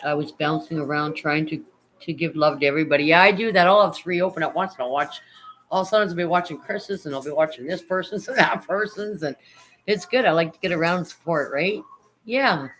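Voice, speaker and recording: A woman's voice: sits low, fairly quick, a bit bright, low-quality recording. Middle-aged lady on a livestream, chatty and reassuring, reads out chat, keeps saying right?, faint background hum. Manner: chatty, reassuring, repeats phrases and adds tag questions. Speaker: livestream host. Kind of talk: casual livestream chat, reading out viewers' comments.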